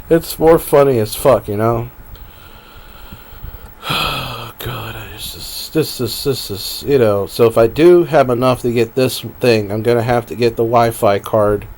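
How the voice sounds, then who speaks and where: A man's voice: medium pitch, unhurried, a little mellow. A man live streaming at his computer, rambling to himself with frequent laughs as he browses. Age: adult. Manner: meandering, talks to himself, laughs often.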